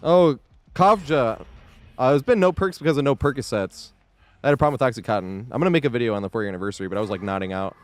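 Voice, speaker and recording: A man with a mid-range voice talks fast while streaming a game live. He banters casually with viewers, curses freely, laughs often, and thanks his supporters as he plays.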